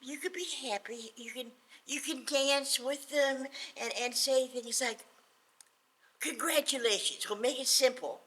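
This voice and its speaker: A woman voicing a tired, patient mother who explains things slowly and simply to her foolish son. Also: high-pitched, a bit bright, slightly rough, heavily acted, poor audio.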